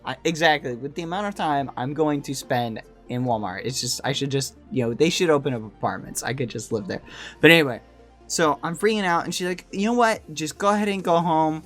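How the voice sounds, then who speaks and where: A man casually telling a story to friends, animated and full of "like" and "you know" fillers. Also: mid-range voice, fairly quick, faint music behind.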